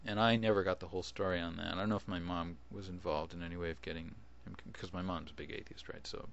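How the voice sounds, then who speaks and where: A man's voice: sits low, fairly even intonation, fast, gravelly, dull audio, a little hiss or hum. A man talking casually in a video response, rambling, restarting his sentences and chuckling as he goes. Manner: rambling, self-interrupting with chuckles. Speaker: video blogger.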